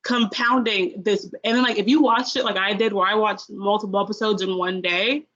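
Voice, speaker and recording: A woman's voice: mid-range voice, steady tone, fairly quick, fairly bright tone. A young woman co-hosting a podcast, telling a long, rambling story about binge-watching a show in a casual review chat. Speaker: podcast co-host. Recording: dull lo-fi sound.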